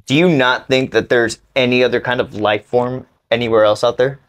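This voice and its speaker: A young man co-hosting a casual podcast, telling a personal story haltingly with restarts, then protesting excitedly. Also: mid-range voice. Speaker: podcast co-host. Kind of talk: casual chat.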